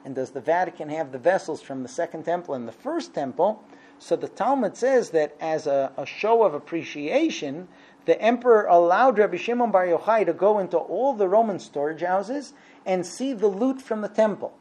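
Animated man telling a story. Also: high voice, moderate pace. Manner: lively, acts out quoted voices. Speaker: religious storyteller. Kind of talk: storytelling talk.

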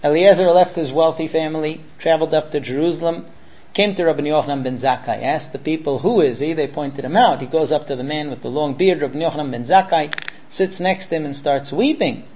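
A man's voice: fairly high pitch, a little fast, darkish tone, muffled recording. A man teaching students by retelling a story, acting out the characters with frequent fillers. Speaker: Torah teacher.

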